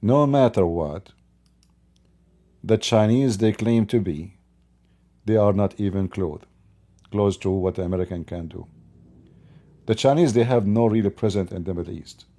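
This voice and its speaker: Male host, solo commentary into his own mic, low and mellow, insistent and repetitive. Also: unhurried, pauses often. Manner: emphatic, builds repetitive lists. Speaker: channel host commenting on politics. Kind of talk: unscripted commentary monologue. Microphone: own microphone.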